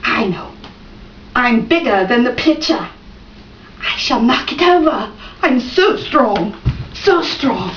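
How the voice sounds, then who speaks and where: A woman voicing a thirsty, fretful old male crow with high, loud, frantic cries in a storytelling performance. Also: expressive, slow pace. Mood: boastful. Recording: roomy, distant, dull and noisy.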